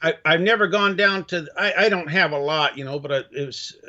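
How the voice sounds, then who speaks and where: Man, halting guest, fairly high voice, dull lo-fi sound. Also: pushed and bright. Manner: halting, full of restarts and fillers. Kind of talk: casual chat. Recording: dull lo-fi audio.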